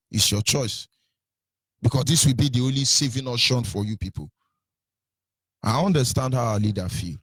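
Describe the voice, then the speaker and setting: A man's voice: mid-range voice, slightly rough, dry recording. A man giving impassioned radio commentary, hammering home repeated rhetorical questions.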